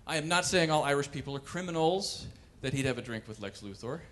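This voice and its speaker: A man performing wry, animated stand-up comedy on a cultural center stage. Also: mid-range voice, fast, few pauses. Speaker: comedian and pianist.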